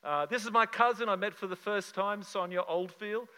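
An older man from Australia, a pastor telling a personal story to his congregation in an animated, conversational way with many restarts. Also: sits high, normal speed, clear, resonant tone, long reverb tail, low-quality recording. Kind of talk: sermon with slide show.

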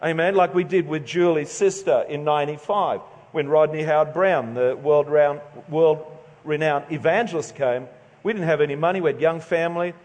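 A man's voice: on the high side, moderate pace, darkish tone, big-room sound. A middle-aged Australian man preaching a sermon in a casual, joking, conversational way, stumbling over his words now and then. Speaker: pastor.

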